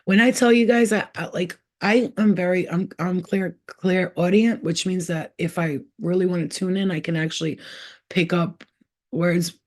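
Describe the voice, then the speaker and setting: Animated, swearing woman giving a spiritual reading. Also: fairly low pitch, normal speed. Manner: excitable, repeats words. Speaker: spiritual reader. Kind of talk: casual spiritual reading to viewers.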